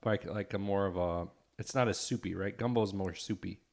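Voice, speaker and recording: Young male co-host, low gravelly voice, easygoing chat, reads facts off his screen. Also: a little fast, a little mellow. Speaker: podcast co-host. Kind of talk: casual chat.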